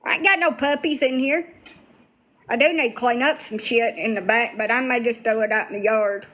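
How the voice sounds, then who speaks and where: A woman's voice: on the high side, normal speed, fairly bright tone. A woman talking bluntly to viewers on a casual livestream, swearing freely.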